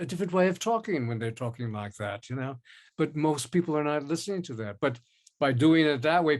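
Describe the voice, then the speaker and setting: An older man talks through his career in a relaxed interview, at an ordinary middle pitch. He rambles and backtracks, breaking into quoted dialogue as he goes. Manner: rambling, animated, with many restarts and acted-out quotes. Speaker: actor, interview guest. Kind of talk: casual interview storytelling.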